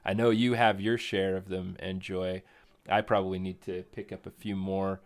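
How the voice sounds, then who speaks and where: A man's voice: sits low, flat delivery, normal speed. A man co-hosting a live stream in casual chat, rambling and correcting himself, often chuckling. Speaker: co-host of a crypto game stream.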